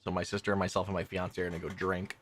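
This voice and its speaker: This young adult man's low, level voice moves very fast as he streams a game and chats loosely with viewers, rambling along while playing. Slight background noise is audible.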